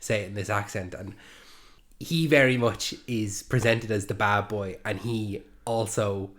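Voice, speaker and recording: A man's voice: fairly low pitch, measured pace, a bit bright. A man co-hosting a podcast, talking about a film in an enthusiastic, rambling way with many fillers. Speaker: podcast co-host. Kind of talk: casual film discussion.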